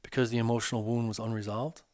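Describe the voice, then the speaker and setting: A man voicing a soft-spoken, supportive male teacher who speaks gently and reassuringly. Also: mid-range voice, little pitch movement, quick pace, no echo, studio quality, natural voice. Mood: calm, caring.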